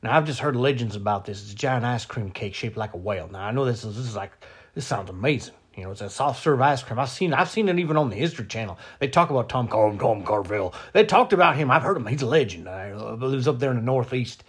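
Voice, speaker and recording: A man's voice: mid-range voice, animated, quick pace, slightly rough. A middle-aged man doing a comic monologue. He rambles, stammers and repeats words, with a mock-indignant tone. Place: lives in Florida.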